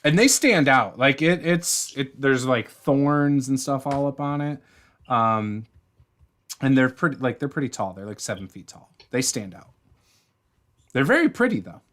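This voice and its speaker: A man's voice: mid-range voice, expressive, measured pace, a bit bright. A man narrating as game master in a casual way, with many fillers. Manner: casual, filler-heavy description.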